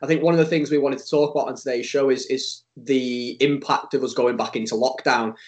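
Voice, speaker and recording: A man's voice: mid-range voice, steady tone, fairly quick. A man co-hosting a podcast in casual chat over a Skype call. He jokes, teases and laughs often. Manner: joking, teasing, laughs often. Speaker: podcast co-host.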